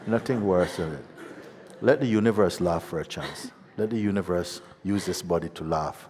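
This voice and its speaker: Very deep-voiced male spiritual teacher. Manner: gentle, unhurried, laughs often. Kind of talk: satsang teaching. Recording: long hall reverb with faint ambience.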